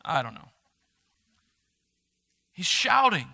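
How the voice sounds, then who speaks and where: Animated pastor preaching in a hall. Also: male voice, high voice, takes it slowly, vocal fry, long pauses. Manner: animated, shifts between loud reading and quiet asides. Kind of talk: sermon. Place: church sanctuary. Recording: reverberant church hall.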